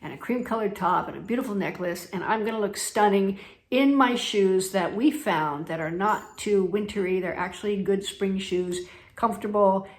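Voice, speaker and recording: A woman's voice: medium pitch, normal speed. A woman from the United States who tells stories in a chatty way, laughing between sentences as she talks to her viewers. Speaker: travel vlogger. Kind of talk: casual chat. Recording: echoey room.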